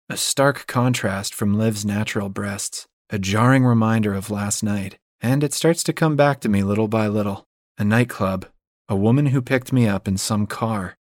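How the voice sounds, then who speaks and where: A man's voice: fairly low pitch, no room sound, studio quality. A man reading a first-person audiobook in a wry, self-mocking storytelling manner. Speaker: audiobook narrator.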